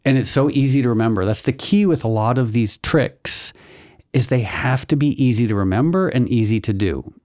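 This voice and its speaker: A man hosting a podcast, calmly explaining things step by step in casual chat. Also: medium pitch. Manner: calm, explanatory, walks through steps slowly. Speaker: podcast host.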